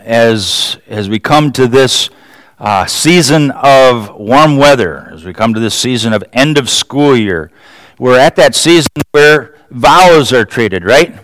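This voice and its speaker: A man's voice: medium pitch, expressive, slow, a bit bright, no echo. A man preaching a sermon in a conversational way, often asking rhetorical questions and chuckling. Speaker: pastor.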